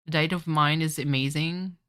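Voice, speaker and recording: A woman's voice: low voice, steady tone, normal speed, fairly bright tone, clean tone. A woman chatting casually on a live stream while playing a game, joking and swearing with bursts of laughter. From Canada.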